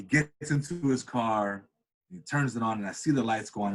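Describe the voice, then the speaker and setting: A man in his thirties, an interview guest, telling a story in a casual way and acting out the voices of the people in it. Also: normal speed. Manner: animated, acts out quoted voices with big pitch jumps. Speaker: interview guest, comedian and cinematographer.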